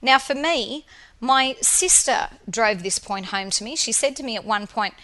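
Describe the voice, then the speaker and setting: High-voiced woman motivational speaker. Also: measured pace. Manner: lively storytelling, emphatic repetition. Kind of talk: motivational presentation.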